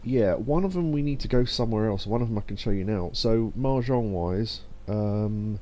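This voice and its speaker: A young man chats his way through a game stream, laughing easily and reading on-screen text aloud. His voice sits fairly low and sounds mellow and relaxed, with faint game sounds underneath. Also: normal speed, slight background noise. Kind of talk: casual let's-play commentary.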